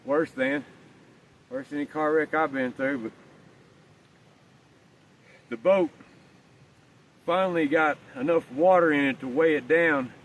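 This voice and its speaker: Man, rambling folksy storyteller, fairly high voice, distant mic, faint outdoor noise. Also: unhurried, pauses often. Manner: rambling, folksy, swears casually. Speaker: vlogger telling a story. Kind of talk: casual storytelling. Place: outdoors, walking with a dog.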